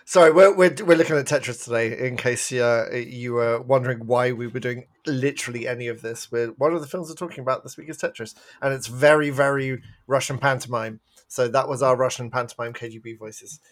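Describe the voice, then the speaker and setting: A man with a mid-pitched voice co-hosts a casual film podcast. He is chatty and teasing, spinning playful scenarios and laughing often. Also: steady tone, brisk, hardly any pauses. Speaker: podcast co-host. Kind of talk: casual chat.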